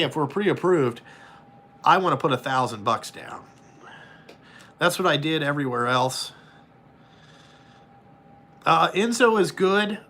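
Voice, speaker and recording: A bright, forceful male voice, talking a little higher than most men. He chats with viewers as a trucker, blunt and full of swearing. He acts out his phone calls. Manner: profane, blunt and animated. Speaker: truck driver vlogger. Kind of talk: casual chat answering viewers.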